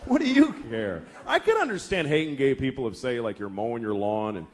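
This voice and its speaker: Stand-up comic, man, middle-aged, very animated pitch, profane and exasperated, faint room ambience. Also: a little fast, slight background noise. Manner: profane, exasperated, acts out quoted voices. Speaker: stand-up comedian. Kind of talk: stand-up comedy routine. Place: comedy venue before a laughing audience.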